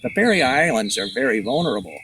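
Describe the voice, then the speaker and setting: A man reading a calm female schoolteacher who explains facts to her class. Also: medium pitch, fast talker. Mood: explaining. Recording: distant outdoor mic, birdsong noise.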